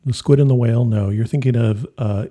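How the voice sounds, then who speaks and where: A man's voice: medium pitch, brisk, mellow, husky. A man co-hosting a podcast in casual, jokey chat, recorded on a home office mic. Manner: chatty, jokey, laughs often. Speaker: podcast co-host.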